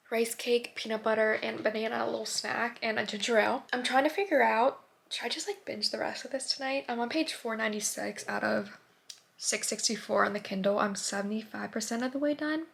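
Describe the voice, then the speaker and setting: Chatty young woman, gravelly edge. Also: fairly high pitch, a bit bright. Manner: chatty, filler-heavy, drops to whispers at times. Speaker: book vlogger. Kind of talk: casual reading vlog.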